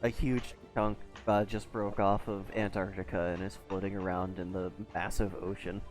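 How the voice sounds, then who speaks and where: A young man running a tabletop game as game master, narrating slowly and making puns. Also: deep voice, little pitch movement, faint music behind. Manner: wordplay, slow deliberate narration.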